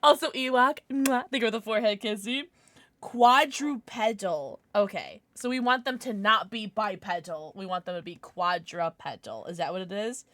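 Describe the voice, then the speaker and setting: A woman streaming a game live, chatting with her viewers in an excitable, gushing way with frequent squeals. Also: mid-range voice, moderate pace, no room sound.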